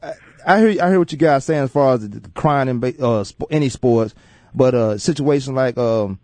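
A man's voice: mid-range voice, dry recording. A man hosting a sports talk radio show, chatting casually and jumping in often with laughs. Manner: animated, quick to jump in and laugh.

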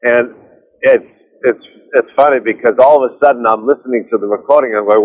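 A man's voice: mid-range voice, a little fast, highs cut off. A man talking as a guest author on a call while driving, hesitant and rambling with many restarts. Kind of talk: phone interview.

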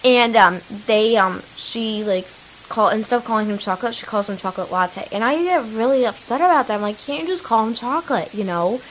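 A woman's voice: medium pitch, a little fast, a little hiss or hum, low-quality recording. A teenage girl co-hosting a kids' radio show, chatty and rambling, with many fillers. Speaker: young co-host. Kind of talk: casual chat.

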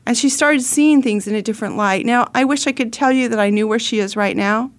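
A woman's voice: fairly high pitch, brisk. A middle-aged woman host telling a personal story in an earnest, heartfelt way, often restarting her sentences.

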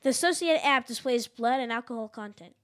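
High-voiced young woman reading gadget news. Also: a little fast, a bit bright. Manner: reads news items aloud, stumbles and jokes at herself. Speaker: podcast host. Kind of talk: casual gadget news chat.

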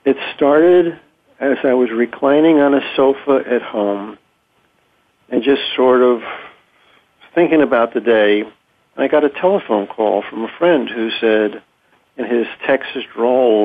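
Measured man on a tinny line. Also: medium pitch. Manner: thoughtful, measured, with frequent ums and pauses. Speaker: interview guest, clinician. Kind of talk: conversational explanation. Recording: tinny phone-like audio.

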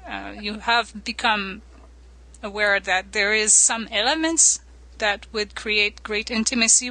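Bright-voiced French Canadian woman. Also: mid-range voice, rough recording. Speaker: interviewer. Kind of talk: interview questions.

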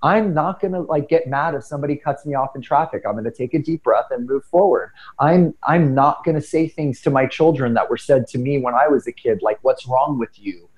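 A middle-aged man telling personal stories in casual conversation, earnest and animated, often restarting his sentences. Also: medium pitch, a little fast, few pauses, poor audio. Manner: animated, earnest, self-deprecating with frequent restarts. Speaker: podcast guest speaker.

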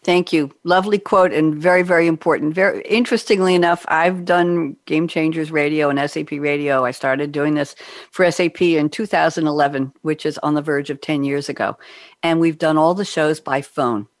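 A woman's voice: low-pitched, fairly even intonation, a little fast, no echo, studio quality. Chatty woman host from New York. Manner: chatty, laughs at own jokes. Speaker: radio show host. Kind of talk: hosting a video call show. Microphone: video call.

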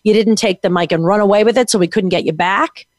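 A woman's voice: medium pitch, fast, no echo. Direct woman coach, dry sound. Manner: direct, animated, acts out quotes. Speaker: co-host giving media coaching feedback. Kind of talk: conversational critique.

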